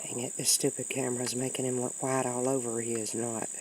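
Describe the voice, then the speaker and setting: A woman talking baby talk to a kitten outdoors, cooing in a sing-song voice that jumps high, recorded on a handheld camera. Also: level tone, brisk, darkish tone, slight background noise, low-quality recording. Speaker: pet owner talking to a kitten. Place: outdoors near woods.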